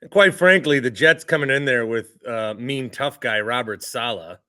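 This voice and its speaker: A man's voice: mid-range voice, moderate pace, pushed and bright. A man co-hosting a casual sports podcast, chiming in with wry, joking remarks.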